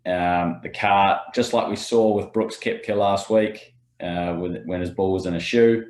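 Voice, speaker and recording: A man co-hosting a podcast, calmly explaining rules step by step. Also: deep voice, a little slow. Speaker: podcast co-host and rules expert. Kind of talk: casual podcast chat, explaining. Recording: roomy echo.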